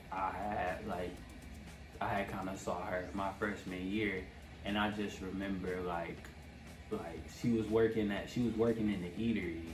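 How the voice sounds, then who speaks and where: A young man in his twenties chatting on a couple's vlog, halting and full of fillers. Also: deep voice, roomy sound, recorded from a distance. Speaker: vlog co-host. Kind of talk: casual conversation.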